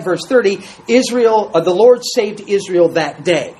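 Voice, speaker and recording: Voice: mid-range voice, expressive, measured pace, hardly any pauses, darkish tone, low-quality recording. A Bible study teacher reading scripture aloud to a class and commenting on it in a conversational way, asking the group questions.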